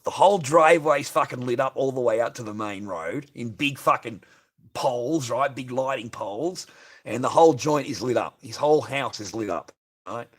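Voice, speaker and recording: A man's voice: mid-range voice, expressive, normal speed. Profane ranting man. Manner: profane, ranting, keeps asking "right?". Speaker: livestreamer. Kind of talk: unscripted livestream rant.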